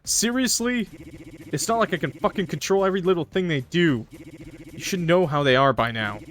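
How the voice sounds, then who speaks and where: A man voicing an angry, foul-mouthed young man in a game, snapping and shouting his lines. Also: high voice, animated, normal speed, a little hiss or hum, pitched above the performer's own voice. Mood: scornful.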